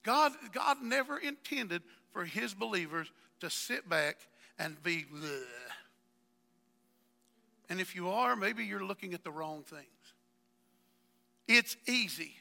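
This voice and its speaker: Fervent male pastor, very high and piercingly bright, preaching with long hall reverb. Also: animated, measured pace, vocal fry. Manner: fervent, addresses congregation members by name, builds to shouting. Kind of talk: sermon. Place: church sanctuary.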